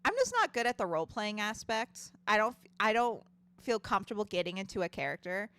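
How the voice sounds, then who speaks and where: Bright, lively woman streamer chatting. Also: medium pitch, brisk, clean tone. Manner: chatty, swears freely, laughs often. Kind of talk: casual gaming commentary.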